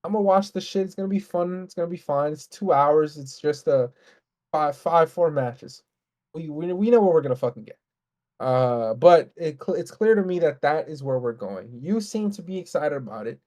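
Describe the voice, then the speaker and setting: A man co-hosting a casual podcast, ranting in a heated, profane, fast way. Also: a little high, lively intonation, a little mellow. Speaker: podcast co-host. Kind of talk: casual wrestling podcast rant.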